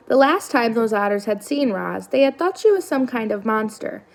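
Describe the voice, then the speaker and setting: A woman reading a children's novel aloud in steady storytelling narration. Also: fairly high pitch, normal speed, vocal fry, few pauses. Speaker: reader.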